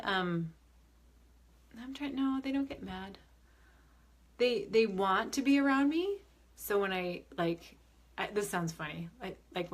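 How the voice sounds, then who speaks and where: Chatty woman medium on a livestream. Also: on the low side. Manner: chatty, upbeat, many fillers and restarts; reads viewer comments aloud and answers them. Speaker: medium and spiritual advisor. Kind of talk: live-stream Q&A with viewers. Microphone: phone or webcam on a live video stream.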